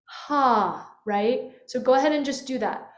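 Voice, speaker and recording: A woman voice coach guides a vocal lesson on camera, her voice a little high. She stops often to show sighs and yawning sounds. The room around her rings with a clear echo. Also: lively intonation, a little slow. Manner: demonstrative, swoops into yawns and sighs. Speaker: voice teacher. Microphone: webcam. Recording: echoey room.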